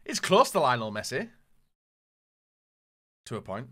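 A man giving gaming commentary as he opens packs, excitable, dropping to low muttering and then bursting into shouts. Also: measured pace. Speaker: gaming YouTuber. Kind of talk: pack-opening gaming commentary.

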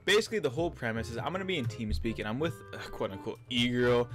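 A young man hosting a gaming vlog, chatting quickly and cheerfully to his viewers. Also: mid-range voice, expressive, soft background music. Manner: upbeat, chatty, quick direct address to viewers. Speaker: gaming YouTuber host. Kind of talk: casual gaming vlog commentary.

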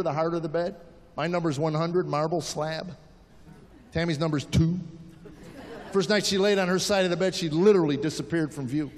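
A man in his fifties performing a stand-up comedy routine, telling animated stories and acting out the people in them. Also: sits high. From United States. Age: 50s. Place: stage in a large venue. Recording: live show in a big hall, audience and room noise behind. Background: audience laughing and applauding.

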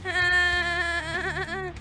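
A woman giving casual, excitable commentary over her gameplay, often exclaiming and laughing. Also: very high voice, very slow, faint music behind. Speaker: gaming channel host.

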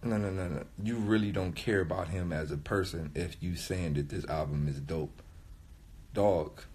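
Husky, low-voiced man ranting on a livestream. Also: moderate pace, a little mellow. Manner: repetitive, emphatic, swears often. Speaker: rapper livestreaming to followers. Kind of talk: rambling, profane livestream rant. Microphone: phone mic on a live stream.

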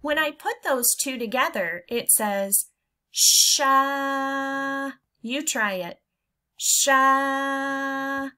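A woman teaching young children to blend letter sounds, speaking in a slow, encouraging way and drawing the sounds out for them to repeat. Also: on the high side, lively intonation, a bit bright. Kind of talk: phonics lesson for young children.

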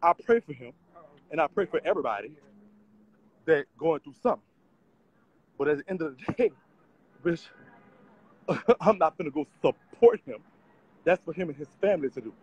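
A man's voice: on the high side, expressive, normal speed, pauses often, breathy edge, lo-fi sound. A man, vlogging on city streets in a brash, profane, laughing rant. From Louisiana. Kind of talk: casual street vlog rant.

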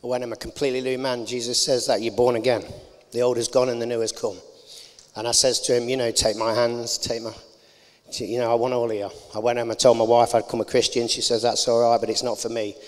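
In a large church hall with long reverb, a man gives a blunt, earnest personal testimony during an interview. He talks fast in a level, medium-pitched voice, telling his story in a plain, working-class way.

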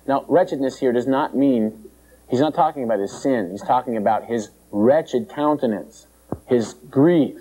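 A male preacher giving a conversational, animated sermon and acting out the characters in the story. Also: mid-range voice, normal speed, husky, rough recording.

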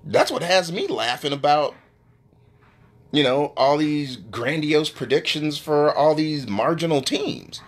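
A man hosting a live stream, ranting brashly and profanely in casual trash talk, with his voice often jumping high when he gets worked up. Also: animated, takes it slowly. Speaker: live-stream sports show host. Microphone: phone.

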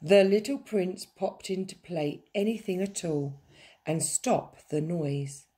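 Teacher read-aloud: woman, lowish husky voice, slow and animated. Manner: slow, expressive storytelling. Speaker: teacher reading a story. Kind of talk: children's story read-aloud.

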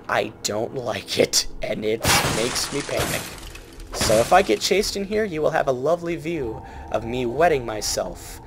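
A man's voice: medium pitch, vocal fry, background noise. A young man giving a rambling, joking let's play commentary from home at night. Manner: rambling, joking, self-mocking. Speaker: gamer. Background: game music.

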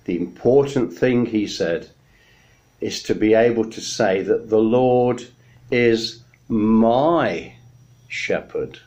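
A man, a church minister, giving a midweek sermon message in an unhurried storytelling manner with gentle pauses. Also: lowish voice, dull audio.

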